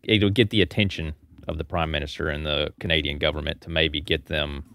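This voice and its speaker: A man's voice: a bass voice, steady tone, a little fast, fairly bright tone, no room sound. A man on a discussion panel, hesitant at first and then joking around. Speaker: panel guest.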